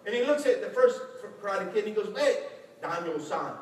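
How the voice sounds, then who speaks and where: A man preaching a lively sermon as a pastor, acting out quotes with shouts and laughter. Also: high-pitched, fast talker. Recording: echoey hall, distant mic, faint noise.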